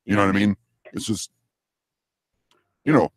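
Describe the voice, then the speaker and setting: A man's voice: lowish voice, moderate pace, dry recording, poor audio. A man from the United States hosting a comedy talk show, chatting playfully, laughing and stammering often. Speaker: host. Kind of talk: casual comedy podcast chat.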